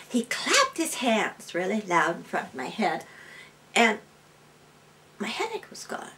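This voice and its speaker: Lively, bright-voiced woman telling a story. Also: medium pitch, a little slow, pauses often, slight background noise. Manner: lively storyteller, laughing often. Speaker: guest, healer and medium. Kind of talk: storytelling interview.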